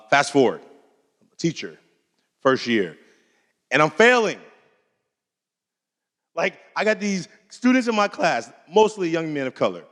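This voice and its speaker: A man giving a keynote talk, telling a personal story in a casual, conversational way and acting out the dialogue. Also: fairly high pitch. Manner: animated, acts out dialogue in different voices. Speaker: keynote speaker. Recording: long hall reverb.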